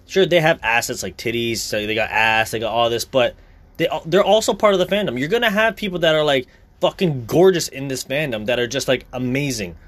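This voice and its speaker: A man's voice: medium pitch, lively intonation, fairly quick, a bit bright. A young man talking casually, blunt and profane, in a heated rant.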